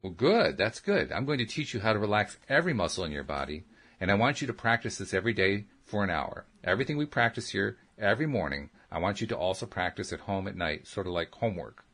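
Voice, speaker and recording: A soft-spoken, patient woman coaching someone to breathe and relax, as a man puts her on in a low, husky voice. She guides slowly and calmly through each step. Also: heavily acted. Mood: soothing. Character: gentle calm woman teaching a boy to relax.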